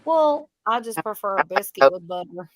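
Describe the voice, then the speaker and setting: A woman with a Tennessee accent hosting a casual co-stream, playful and quick to laugh. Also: mid-range voice, lively intonation, no room sound. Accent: Southern US, Tennessee. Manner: playful, laughing, affectionate teasing. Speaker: livestream host.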